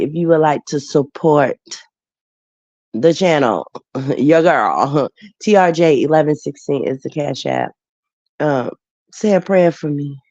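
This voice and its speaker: A woman's voice: low voice, darkish tone, dry recording, highs cut off. A woman hosting a late-night livestream chat, emotional and laughing as she answers her viewers by name. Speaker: livestream host.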